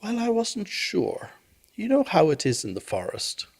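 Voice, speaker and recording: A man's voice: sits high, huge pitch swings, unhurried, pitched above the performer's own voice, exaggerated voice. A man voicing a fussy, cautious male rabbit in a bedtime storybook reading, prim and careful in his speech. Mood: fussy, polite.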